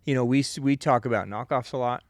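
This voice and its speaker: A man's voice: mid-range voice, fast, no room sound, clean studio sound. A man co-hosting a podcast, talking in a casual, rambling, opinionated way, full of "you know" and "right?". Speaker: podcast co-host.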